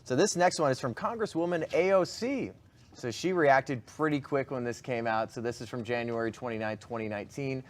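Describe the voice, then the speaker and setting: A man's voice: mid-range voice, brisk. A man hosting a studio talk show, chatting casually and laughing often. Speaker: show host. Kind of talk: casual political chat.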